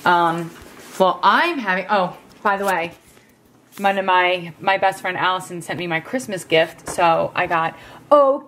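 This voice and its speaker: A woman vlogging at home, chatting to the camera in an excited, rambling way. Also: lowish voice, a little hiss or hum. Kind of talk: casual chat to camera.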